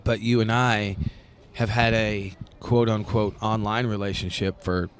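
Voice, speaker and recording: A man with a fairly low voice hosts a relaxed podcast chat. He talks bluntly, swears often and pokes fun at himself. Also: measured pace, a little hiss or hum. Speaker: podcast host, drummer.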